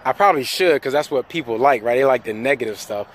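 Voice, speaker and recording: A man's voice: medium pitch, fast, slight background noise. A man who drives a truck, talking casually and jokingly into his phone outdoors, rambling. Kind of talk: casual vlog monologue. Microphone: phone held by hand.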